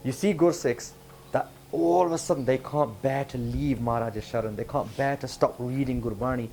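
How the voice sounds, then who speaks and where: This visiting religious speaker from the UK addresses a live camp audience in a hall, keeping it conversational and asking them questions often. He has a mid-range, gravelly yet mellow voice at a moderate pace, with a little hiss or hum in the audio.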